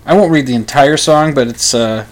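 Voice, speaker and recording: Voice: mid-range voice, normal speed. An adult speaker chatting casually and hesitantly, chuckling while introducing a song to read aloud. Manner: chuckling, hesitant, lively intonation. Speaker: reader of song lyrics. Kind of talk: casual spoken commentary.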